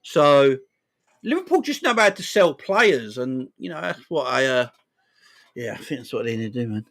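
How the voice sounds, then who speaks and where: A man's voice: medium pitch, sing-song, normal speed, dry recording, studio quality. Chatty South London man in his forties. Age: 40s. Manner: rambling, chatty, swears, shouts out viewers. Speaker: football channel host. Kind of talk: casual livestream chat.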